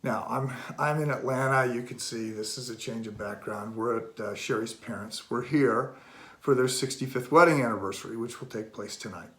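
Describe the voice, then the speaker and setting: A middle-aged man speaks as a pastor in a relaxed devotional, his voice sitting at an ordinary pitch. He tells a story animatedly and jumps up in pitch when acting out the people in it. The sound is roomy, with noticeable echo from the house around him. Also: normal speed. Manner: animated, acts out dialogue with rising pitch. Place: relatives' home.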